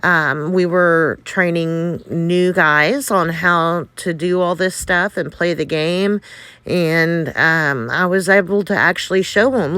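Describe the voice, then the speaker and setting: A woman recounts a story at an unhurried pace, full of fillers, laughter and casual swearing. Her voice is smooth and clean, recorded dry and close. She sounds a little out of breath. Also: low voice, fairly bright tone, dry recording. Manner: rambling, many fillers, laughs often, candid swearing. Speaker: game community member recounting events.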